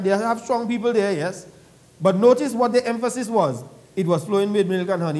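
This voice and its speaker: A man's voice: sits high, brisk, darkish tone. A man preaching a sermon in church, reading scripture aloud and explaining it in a conversational way, with questions to the congregation.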